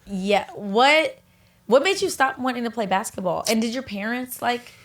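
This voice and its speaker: A woman's voice: on the high side, expressive, normal speed, fairly bright tone. A woman hosting a podcast, asking questions in a casual, engaged way and often finishing her guest's sentences. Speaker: podcast host. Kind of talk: casual interview.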